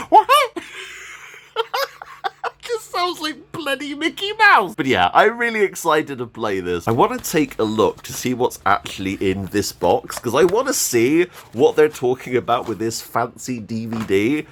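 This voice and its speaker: A man's voice: mid-range voice, big pitch swings, normal speed. A man talking casually in a vlog as he shows off a haul of games, chatty and enthusiastic, and he laughs often. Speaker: gaming YouTuber.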